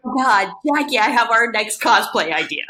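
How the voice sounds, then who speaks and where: A woman's voice: on the high side, expressive, moderate pace, sharp tone, slight background noise. A woman chatting on a podcast, playful and cheeky, laughing often. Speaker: podcast guest co-host. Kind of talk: casual chat.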